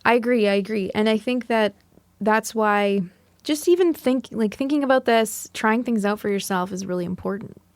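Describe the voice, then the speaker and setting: A woman's voice: medium pitch, moderate pace, dry recording. A woman co-hosting a podcast, speaking in an encouraging, agreeable and reflective way in casual chat. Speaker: podcast co-host.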